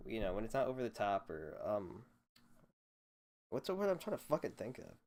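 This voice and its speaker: A man's voice: lowish voice, big pitch swings, normal speed, long pauses, darkish tone, slight background noise. A young man hosting a solo podcast, ranting in a profane, rambling, sarcastic way into a desk microphone. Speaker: podcast host.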